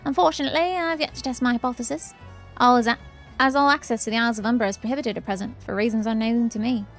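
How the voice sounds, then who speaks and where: A woman's voice: a little high, steady tone, quick pace, faint music behind, close to an everyday voice. A woman voicing a rambling, self-important young woman scholar in a video game, prim and long-winded.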